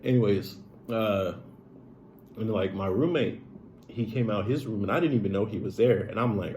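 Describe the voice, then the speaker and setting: His voice sits on the low side, fairly quick and darkish, with slight background noise behind it. Telling a hurtful personal story, the man gets emotional and profane, peppering it with "like" and "bro."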